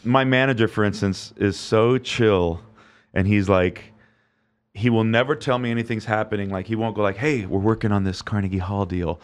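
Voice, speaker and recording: Low guy talking music biz on a talk show, easygoing, acts out quotes. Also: normal speed. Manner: relaxed storytelling, quotes people in asides. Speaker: music producer and guest. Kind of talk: casual talk-show chat.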